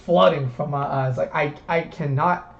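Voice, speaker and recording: The host, a southern American man, chats casually on a stream, drifting along easily and repeating words. He has a fairly high, creaky voice with fairly even intonation at a moderate pace, over muffled audio and faint hiss.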